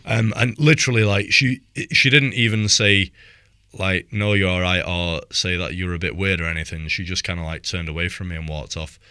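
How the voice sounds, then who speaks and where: A man's voice: sits low, steady tone, normal speed, sharp tone, clear, resonant tone, no room sound, studio quality. A young man, co-hosting a casual podcast, laughing easily and often restarting his words. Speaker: podcast co-host. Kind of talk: casual banter.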